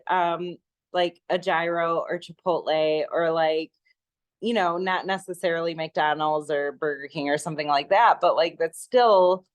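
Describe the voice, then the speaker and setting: Brief: lower-voiced woman, eager and chatty, dry video-call audio. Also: dry recording. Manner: enthusiastic, chatty, lots of fillers and laughs. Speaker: guest sharing her product story. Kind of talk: casual chat on a video call.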